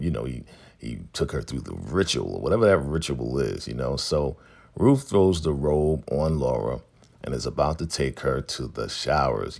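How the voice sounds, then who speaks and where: A man recaps a TV episode in a loose, slangy chat. His voice sits very low, with a husky, grainy edge. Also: animated, moderate pace, a little mellow. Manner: chatty, slangy, laughs along. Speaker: show recap host. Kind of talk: casual TV recap.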